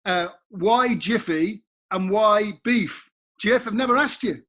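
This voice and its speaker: A man's voice: high-pitched, slow, a bit bright. A man co-hosting a podcast, asking the guest questions in a hesitant way with restarts. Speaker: podcast co-host. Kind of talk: casual podcast interviewing.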